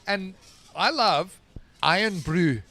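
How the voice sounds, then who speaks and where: A man's voice: high-pitched, expressive, takes it slowly, bright, forceful tone. A man from Australia commentating live cricket, chatting between balls and breaking off to call the play. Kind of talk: live sports commentary and chat.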